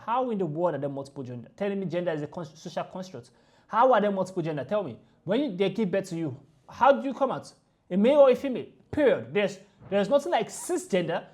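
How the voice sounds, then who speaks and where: A woman ranting through a reaction video, emphatic and indignant, repeating her points forcefully. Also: medium pitch, very animated, fast.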